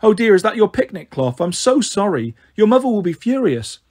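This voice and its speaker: A man voicing a brisk, friendly young woman in a read-aloud story, apologetic in manner. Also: high voice, big pitch swings, a little mellow, pitched above the performer's own voice.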